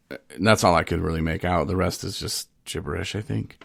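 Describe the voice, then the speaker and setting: A low-pitched man with a gravelly, creaky voice, chatting loosely on a podcast. He jokes and rambles, trailing off and restarting his thoughts. His voice is close and dry, with no room sound. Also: a little fast, no room sound. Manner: joking, rambling, self-interrupting. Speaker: podcast co-host. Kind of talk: casual podcast chat.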